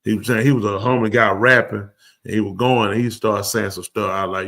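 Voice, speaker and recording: A man's voice: on the low side, steady tone, a little fast, fairly bright tone. A man hosting a live comedy show, riffing loosely and acting out both sides of a conversation in slang for the audience. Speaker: comedic talk show host.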